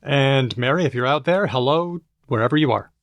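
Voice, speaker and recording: A man's voice: mid-range voice, moderate pace, no room sound. A man co-hosting a podcast, explaining things in an easygoing, casual chat. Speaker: podcast co-host.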